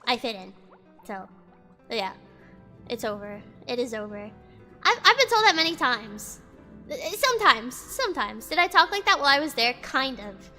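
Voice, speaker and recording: A woman's voice: on the high side, sing-song, moderate pace, pushed and bright. A young woman ranting casually in a vlog, rambling with lots of "like" and swearing freely, with faint music in the background. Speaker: vlogger. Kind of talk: casual storytime rant. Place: indoors, outside noise audible.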